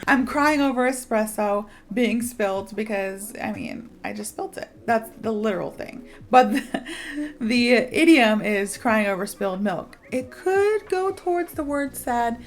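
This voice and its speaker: A young woman teaching English in a chatty, upbeat way with playful asides. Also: on the high side. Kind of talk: casual online English lesson.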